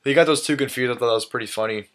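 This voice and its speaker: A young man vlogger recaps a live wrestling event casually and enthusiastically in his own words, often saying "awesome." His medium-pitched, slightly bright voice races along, full of fillers and restarts.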